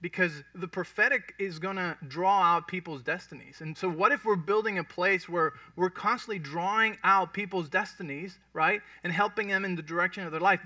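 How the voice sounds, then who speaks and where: A man's voice: high voice, pushed and bright, no room sound, far from the mic. A man preaching a sermon in a conversational way, often checking in with his congregation. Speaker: pastor. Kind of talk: sermon teaching.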